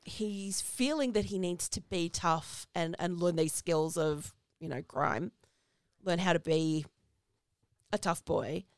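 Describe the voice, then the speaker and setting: A woman talks through a movie's plot in a relaxed, chatty podcast conversation. Her voice sits fairly low with a gravelly edge. The sound is dry and close. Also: slow, no room sound. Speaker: podcast co-host. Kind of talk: casual movie discussion.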